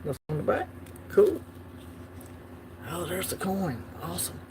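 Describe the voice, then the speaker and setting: A man's voice: high-pitched, animated, a little slow, background noise. A man hosting a coin collecting channel, chatting casually and laughing easily while unboxing on a livestream.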